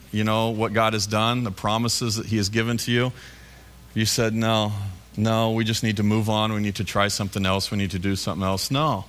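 A pastor preaching a sermon to his congregation, acting out a back-and-forth with God and answering doubts in a lower, softer voice. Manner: acts out a back-and-forth dialogue with God, dropping lower and softer for God's replies.

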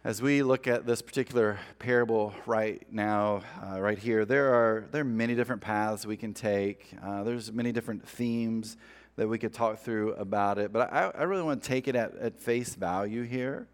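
A man's voice: lowish voice, moderate pace. A man preaching a sermon in a conversational way, acting out the lines of a parable as he retells it. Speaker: pastor.

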